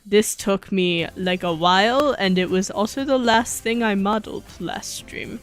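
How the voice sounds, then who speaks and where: A woman's voice: medium pitch, unhurried, faint music behind. A woman streamer chatting casually and playfully while she models in 3D, rambling and joking about herself as she works. She says she is sleepy.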